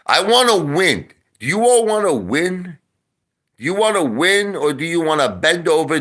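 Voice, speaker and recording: A man's voice: on the high side, big pitch swings, moderate pace, a bit bright. A middle-aged man ranting on a livestream, boastful and mocking, with crude insults and repeated lines. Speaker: online video host.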